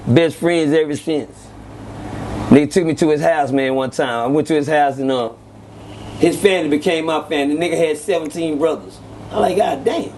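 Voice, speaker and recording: A man telling old street stories as an interview guest, animated and acting out quoted voices. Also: fairly quick, a little hiss or hum. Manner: animated, acts out quoted voices with sudden pitch jumps. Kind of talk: casual storytelling.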